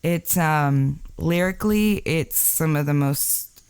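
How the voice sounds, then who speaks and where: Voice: medium pitch, slow, a little mellow, clear, resonant tone. A podcast co-host from Texas chatting casually and rambling, with many fillers and frequent laughs. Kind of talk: casual chat.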